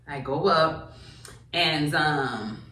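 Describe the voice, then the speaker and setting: A woman comedian telling stories in a casual podcast chat, animated and acting out the voices of others. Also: deep voice, very slow, recorded from a distance, slight background noise. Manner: animated storyteller, acts out quoted voices. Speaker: comedian guest. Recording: roomy, from off mic.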